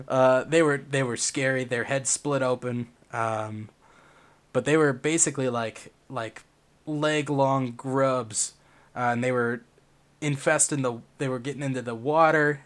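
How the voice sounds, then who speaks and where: A man's voice: medium pitch, a bit bright, lightly acted. A man voicing a weary, deflated veteran who rambles through a sheepish confession in a tabletop game.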